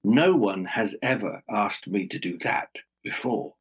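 A man voicing a huge, menacing male serpent in a spoken folk tale, with a low, growling, wheezing delivery. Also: expressive, unhurried, slightly rough. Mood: gruff.

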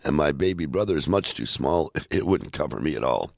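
A man hosting a radio show, reading children's poems aloud in a playful, expressive way. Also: a bass voice, fairly quick, vocal fry, dry recording, studio quality.

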